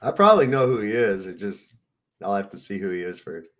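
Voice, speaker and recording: A man's voice: lowish voice, lively intonation, a little fast. A man on a livestream speaking in casual chat with a confident manner. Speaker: guest on the stream.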